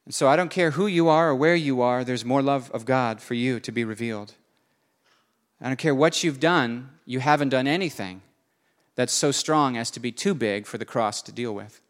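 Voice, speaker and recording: A man preaching a sermon, earnest, moving between soft and emphatic delivery. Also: mid-range voice, normal speed.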